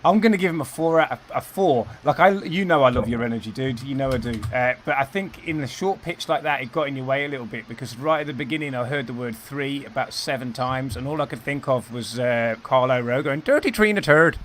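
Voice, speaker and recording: A man judging pitches on a casual online panel, wry and joking as he gives feedback. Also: fairly quick, hardly any pauses, a little hiss or hum. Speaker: panel judge.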